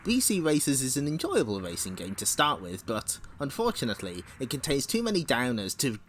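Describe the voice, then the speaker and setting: A man's voice: mid-range voice, huge pitch swings, fairly quick, soft background music. A man hosting a casual comic read-along stream, laughing often and making wry asides. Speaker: streamer reading comics aloud.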